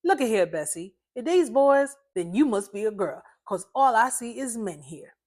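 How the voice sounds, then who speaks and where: A woman's voice: on the high side, expressive, normal speed, a little mellow. Woman playing old uncle, blunt, wry, matter-of-fact, storybook.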